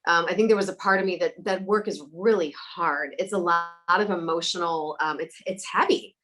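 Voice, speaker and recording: On poor audio, a woman psychic medium with a voice on the low side speaks at normal speed during a casual interview. She tells her stories with animation, laughs often, and acts out the voices of the people she describes.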